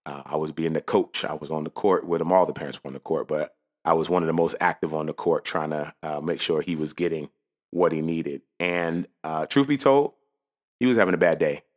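A man's voice: rumbling low, a little fast. A man in his thirties hosting a podcast, telling a personal story in an earnest, folksy way with many fillers and restarts. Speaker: podcast host. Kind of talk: casual spoken storytelling.

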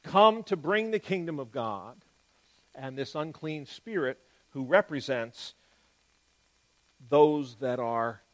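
A man giving an explanatory Bible teaching, stressing key words and moving between quick and drawn-out phrasing. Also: medium pitch.

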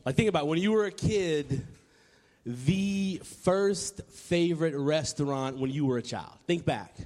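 A man in his thirties from Tennessee, telling an animated personal story to a live audience, often repeating words and acting out voices. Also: fairly high pitch, a little slow, in a large hall. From Nashville, Tennessee, US. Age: 30s. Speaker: public speaker.

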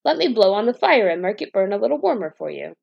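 A woman voicing a fearless, cheeky young boy in a storybook tale, speaking boldly and brightly. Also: mid-range voice, very animated, quick pace, gravelly, breathy edge, dull audio, exaggerated voice. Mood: carefree. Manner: bold, bright and unbothered.

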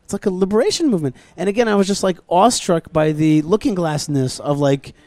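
Animated storytelling man, higher voice. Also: fast talker, no echo. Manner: animated, full of restarts and quoted dialogue. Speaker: podcast host. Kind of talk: casual storytelling conversation. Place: outdoors at a plaza.

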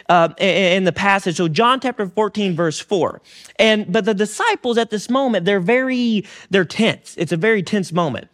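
A male pastor with a high voice delivers a sermon in a loose, conversational way. He fills his talk with "you know" and "like," and often restarts his sentences. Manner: conversational, relaxed with frequent fillers and restarts.

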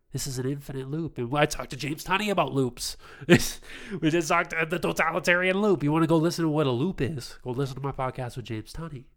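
A man in his twenties hosting a spiritual tarot podcast, talking in a reflective, affirming way with casual asides. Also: medium pitch. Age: 20s. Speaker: podcast host, tarot reader.

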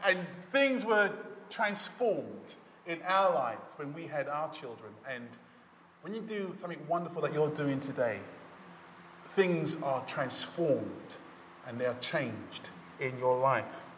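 A man's voice: a little high, lively intonation, fairly bright tone, a little hiss or hum. A pastor, a man, giving an emphatic storytelling wedding sermon in a church. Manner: storytelling, emphatic with slow stretched phrases. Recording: echoey church hall.

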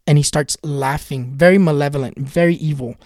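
A man's voice: a little high, fairly quick, darkish tone, no room sound, clean studio sound. A man casually telling a personal spooky story in an earnest, repetitive way, often retelling what was said. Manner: earnest, retells dialogue with many "he goes" quotes; repetitive, builds suspense. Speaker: spiritual storyteller and tarot reader.

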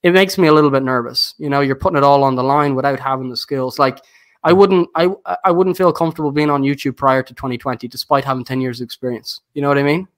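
A guest investor on a podcast talks quickly in a medium-pitched voice with a noticeable, non-standard accent that viewers picked up on. His casual speech rambles, full of fillers and restarts.

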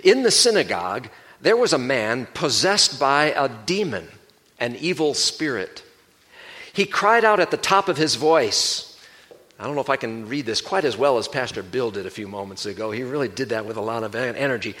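A male pastor giving a sermon, explaining a Bible passage in a measured, teaching manner. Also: mid-range voice, expressive, fairly bright tone.

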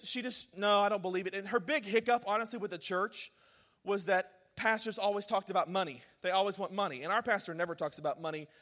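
A man preaching a sermon, telling a personal story with animated bursts of excitement and laughter. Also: high voice. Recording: long hall reverb.

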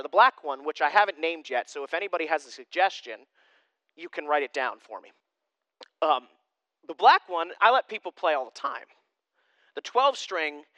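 Man, pastor, sermon, high voice, clear smooth tone, dry sound, joking asides. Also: bright, forceful tone, no echo. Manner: conversational, self-deprecating humor.

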